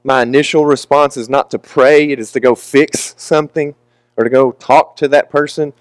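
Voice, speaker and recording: A man's voice: mid-range voice, steady tone, moderate pace, no echo. A young man preaching a candid, emotional, confessional sermon with casual asides.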